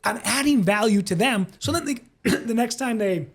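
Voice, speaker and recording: A man's voice: high-pitched, moderate pace, breathy edge. A man from Minnesota, a comedian and former radio host, telling casual stories as a podcast guest and acting out other people's lines. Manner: animated, acts out other people's lines in quoted voices. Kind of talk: casual storytelling in a podcast interview.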